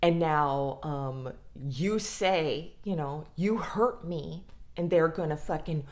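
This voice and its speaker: A woman's voice: low-pitched, slow, a little mellow. A woman vlogger talking casually about mental health in a blunt, frank way, swearing freely. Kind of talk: casual talk to camera.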